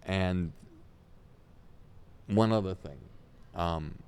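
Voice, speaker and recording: Deep-voiced man telling stories. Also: very slow, smooth. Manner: animated anecdotes, acts out quotes. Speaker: comedy talent manager, guest. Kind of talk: storytelling in an interview.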